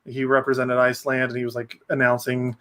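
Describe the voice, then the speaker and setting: A man's voice: mid-range voice, monotone, fast, a bit bright. A young man hosting a casual movie review podcast, rambling with frequent restarts. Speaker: podcast host.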